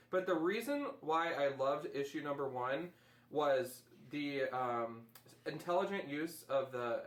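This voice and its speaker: A man's voice: mid-range voice, a bit bright, reverberant. A man hosting a casual chat, enthusiastically rambling through comic reviews. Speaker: host.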